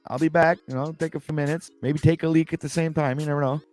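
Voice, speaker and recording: A man's voice: fairly high pitch, steady tone, fast talker, a little mellow, faint music behind. A man hosting a casual morning livestream talk show, rambling and laid-back with many fillers and restarts. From Canada.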